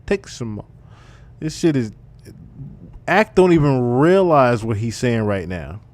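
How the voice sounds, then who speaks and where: A man's voice: medium pitch, big pitch swings, a little slow, darkish tone. Loose-talking male stream host. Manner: loose, emphatic, repeats phrases. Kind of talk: casual commentary on a clip.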